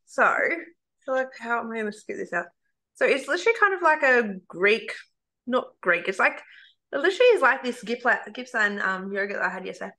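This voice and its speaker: Bright-voiced woman, casual rambling cooking presenter. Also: a little high, expressive, fairly quick. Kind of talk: live online cooking demo.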